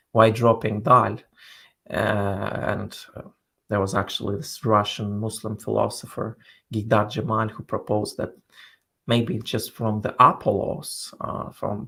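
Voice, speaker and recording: Gravelly lower-voiced guy, halting explainer, keeps stopping to find words. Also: fairly bright tone. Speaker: guest scholar. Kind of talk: scholarly interview talk.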